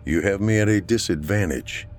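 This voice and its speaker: Brief: a man playing a guarded art thief, very deep, cool and mocking. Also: faint music behind, natural voice. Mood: polite. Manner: calm, measured and mocking.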